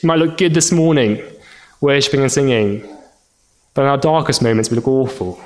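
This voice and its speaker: A man's voice: brisk, a little mellow. Earnest man preaching a sermon. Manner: earnest, repeats words when restarting, rises in pitch for emphasis. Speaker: pastor.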